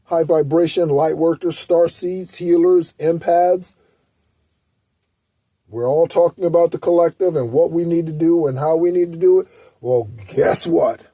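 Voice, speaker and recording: A man delivers a blunt spiritual pep talk, preachy and peppered with curses. His voice sits a little high but sounds very dark and husky. The recording is dry, with no room sound. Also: unhurried, no echo. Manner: blunt, preachy, heavy swearing. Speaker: spiritual guidance channel host. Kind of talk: profane motivational monologue.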